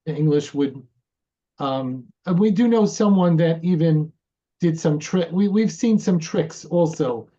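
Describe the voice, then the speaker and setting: A man with an American accent, speaking in a measured way with hesitant restarts in a webinar. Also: a little high, dark tone. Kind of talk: webinar discussion. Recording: dull lo-fi mic.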